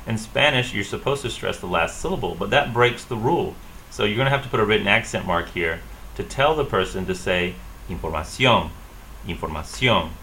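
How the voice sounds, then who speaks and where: A man with a very low voice that still has a crisp, bright edge leads a Spanish lesson. He explains each rule and then drills the words slowly, saying them again and again. A faint hiss sits under the recording. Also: expressive, rough recording. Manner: slow, drilling repetition of words. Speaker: Spanish teacher. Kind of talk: classroom lesson.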